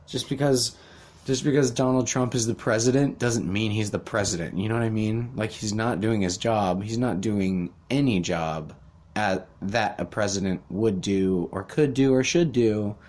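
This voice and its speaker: A man's voice: fairly low pitch, normal speed, a little mellow. A young man hosting a podcast, delivering a rambling, profane rant with sarcastic asides. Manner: rambling, sweary, sarcastic mock voices. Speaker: podcast host. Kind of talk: profane ranting monologue.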